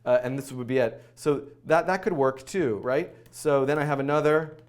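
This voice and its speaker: A man hosting a live coding stream, thinking aloud in a rushed, flustered way, full of fillers and self-corrections. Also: medium pitch. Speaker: coding livestream host.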